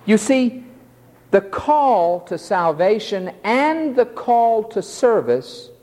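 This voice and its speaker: A man preaching a sermon with slow, deliberate phrasing and a pitch that rises and falls widely. His delivery is emphatic and dramatic. His voice rings out with a long hall reverb. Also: very animated, a little mellow. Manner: emphatic, dramatic, mimics pleading tones.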